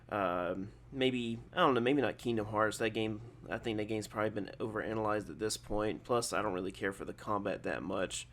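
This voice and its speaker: A man's voice: on the low side, fairly bright tone. A young adult man hosting a gaming channel, giving casual video game commentary in a rambling, digressive way, often correcting himself and partly reading from his own post.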